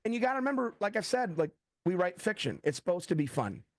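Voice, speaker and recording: A man's voice: high-pitched, quick pace, dry recording, clean studio sound. A middle-aged American man, a thriller author, chatting in an interview, telling stories animatedly and acting out quoted dialogue. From USA. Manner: animated storyteller, acts out quoted dialogue, frequent "like". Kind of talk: casual interview talk.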